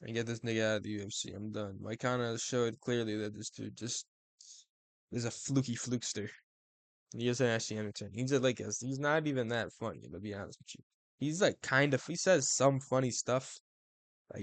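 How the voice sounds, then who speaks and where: An excitable young man talks through fight results in loose, profane slang. He jumps between loud outbursts and quiet mutters. The sound is dry and close. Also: mid-range voice, fairly quick, no echo. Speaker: MMA commentator. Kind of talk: casual fight recap.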